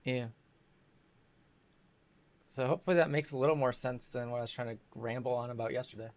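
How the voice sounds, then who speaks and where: A man's voice: mid-range voice, steady tone, a little fast. A man hosting his own channel, chatting casually and rambling with hedges and fillers. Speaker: channel host. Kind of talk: casual chat.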